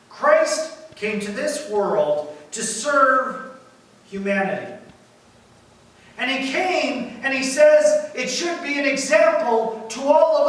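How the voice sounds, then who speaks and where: Emphatic preacher in an echoey hall. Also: male voice, very high voice, distant mic. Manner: emphatic, builds to loud points then drops quiet. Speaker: pastor. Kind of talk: sermon.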